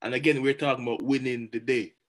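A man giving a motivational talk, animated and chatty, often repeating words as he goes. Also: mid-range voice, fast talker. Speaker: motivational speaker.

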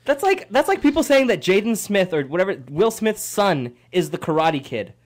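A man's voice: high-pitched, moderate pace. Guy cohosting live radio, voice swings up and down a lot, laughs constantly. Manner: animated, laughs often, teasing. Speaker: radio co-host. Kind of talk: casual banter on live radio. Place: campus radio studio.

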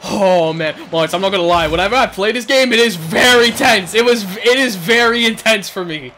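A young man giving live commentary over his own gameplay, excitable, repeating words in rapid bursts and yelling at tense moments. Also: high voice, slight background noise. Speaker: gaming YouTuber.

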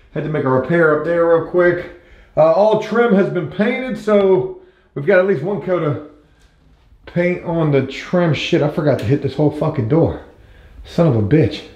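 While working on renovating his home, a young man chats through it in a relaxed vlog manner, poking fun at himself and swearing now and then. He speaks a bit high with a darkish tone, in an echoey room.

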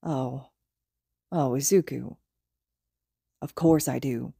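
A woman's voice: slow pace, vocal fry, mellow, breathy edge, no room sound, studio quality, exaggerated voice. A woman voicing a hot-tempered teenage boy with a curt, grumbling way of talking. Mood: soft. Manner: curt, grumbling, low-voiced.

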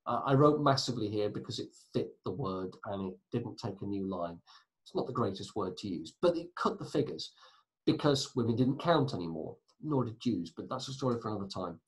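A man teaching a recorded history lesson in a chatty way, full of asides and quick self-corrections. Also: lowish voice, expressive, poor audio.

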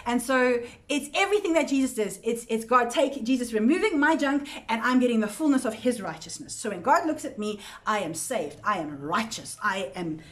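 At a church women's group gathering, a woman with a slightly high-pitched voice leads the Bible study. Earnest and conversational, she repeats words while thinking aloud and keeps checking that everyone is following.

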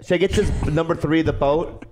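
A man's voice: a little high, steady tone, brisk, a little mellow, faint music behind. A man in casual comedic banter, laughing and agreeing often.

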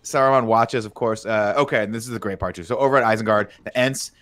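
A man's voice: on the low side, fast, a bit bright. A man hosting a casual movie review podcast, recapping scenes with jokey paraphrased quotes. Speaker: podcast host.

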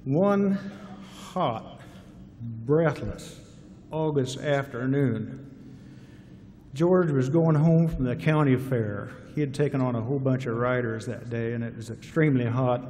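A man's voice: mid-range voice, steady tone, fairly quick, hardly any pauses, mellow. A man with a Southern US accent telling a folksy, humorous story at a graduation ceremony. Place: large hall at a graduation ceremony. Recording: reverberant hall, faint hiss.

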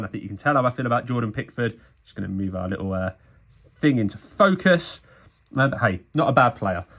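A man from England talks through a vlog in a chatty, self-mocking way, sounding a little tired. He keeps calling out to his viewers as he goes, at an ordinary pitch for a man. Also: fairly bright tone. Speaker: sticker collecting YouTuber. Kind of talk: casual vlog commentary.

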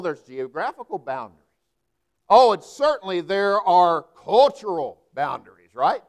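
A man, a pastor preaching a sermon with emphatic delivery and frequent rhetorical questions. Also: high-pitched. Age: 40s.

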